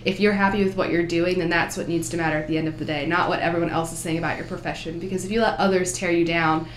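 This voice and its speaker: A woman's voice: on the low side, steady tone, fast talker, reverberant, slight background noise. A woman in her twenties with a New Jersey accent, a podcast guest telling her story in an earnest, upbeat way. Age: 20s. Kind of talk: casual chat.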